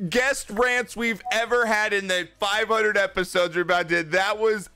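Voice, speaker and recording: A man hosting a live sports show, excitable and laughing a lot, hamming up a sponsor read. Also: high voice, moderate pace, clean tone, soft background music. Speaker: host.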